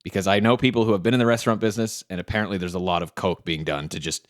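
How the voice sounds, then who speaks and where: A man's voice: low voice, fairly even intonation, racing, dry recording. Rambling male podcast storyteller, dry sound. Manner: rambling, fillers like "like", casual swearing. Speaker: podcast co-host. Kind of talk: casual storytelling.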